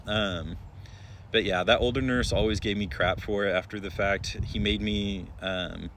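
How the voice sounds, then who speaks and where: Young man, emergency room nurse, casual storytelling, chatty and relaxed, lowish voice, faint background hum. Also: moderate pace. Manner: chatty, relaxed, many filler words.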